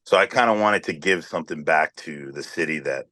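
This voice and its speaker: Deep-voiced South Texas man, dry sound. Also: fairly quick, dry recording. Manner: relaxed, rambling, frequent restarts and "you know what I mean". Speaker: band vocalist. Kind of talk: casual interview answers.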